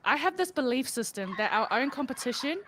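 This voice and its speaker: A woman's voice: high-pitched, big pitch swings, brisk, fairly bright tone, a little hiss or hum. A woman co-hosting a podcast in casual chat, giggly and laughing often. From Australia. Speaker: podcast co-host.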